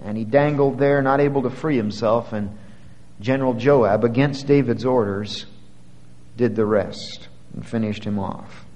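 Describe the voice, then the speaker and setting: A male preacher delivers a sermon, his voice ringing with a long hall reverb. He moves from hushed, low passages to loud, high-pitched peaks when quoting scripture. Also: measured pace, muffled recording.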